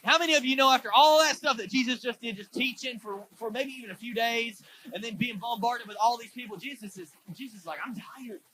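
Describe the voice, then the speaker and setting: High, bright-voiced male pastor. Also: fast talker, hardly any pauses, poor audio. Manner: casual storytelling with many fillers. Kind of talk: sermon. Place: church.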